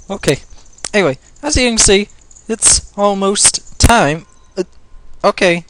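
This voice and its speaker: Excitable male gamer narrating his playthrough, jokey with panicked outbursts, bright high register. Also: measured pace, slight background noise. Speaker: gameplay commentator. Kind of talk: let's play commentary.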